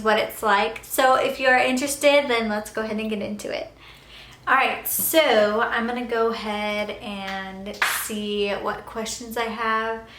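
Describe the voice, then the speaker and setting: A woman's voice: medium pitch, fairly bright tone. Chatty young woman in echoey room. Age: young adult. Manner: chatty, rambling, laughs now and then. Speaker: beauty vlogger. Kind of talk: casual get-ready-with-me chat.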